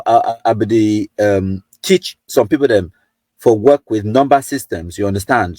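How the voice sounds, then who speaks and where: A man's voice: mid-range voice, a little mellow, no echo. A Cameroonian man hosting a live stream, reading viewer comments aloud in a chatty mix of Pidgin and English.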